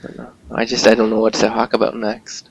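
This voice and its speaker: A man's voice: on the low side, completely flat delivery, quick pace, gravelly, slightly rough, poor audio. A man co-hosting a casual podcast, laid-back and mostly giving short replies. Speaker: podcast co-host. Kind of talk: casual chat.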